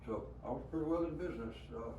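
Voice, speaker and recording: A man's voice: on the high side, fast talker, lo-fi sound. A man in his nineties from rural Alabama with a Southern American accent, telling stories from his life in an interview, rambling along with many hesitations and chuckles. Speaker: veteran being interviewed. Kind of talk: storytelling interview. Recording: roomy, from a distance, faint background noise.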